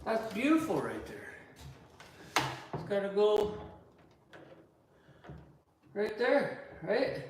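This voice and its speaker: A man casually talking to camera while building cabinets, rambling and swearing, with loud groans and outbursts. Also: high-pitched, huge pitch swings, very slow, pauses often, slight background noise. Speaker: woodworker vlogger. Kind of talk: casual workshop talk to camera.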